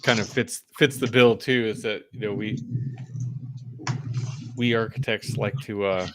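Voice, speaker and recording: A man co-hosting a podcast in casual chat, relaxed and thoughtful with some fillers. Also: lowish voice, unhurried, slight background noise. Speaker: podcast co-host.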